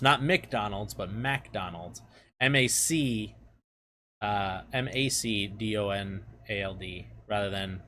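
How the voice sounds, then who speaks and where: A man's voice: on the low side, bright, forceful tone, a little hiss or hum. A man chatting casually with viewers, laughing often. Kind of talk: casual chat.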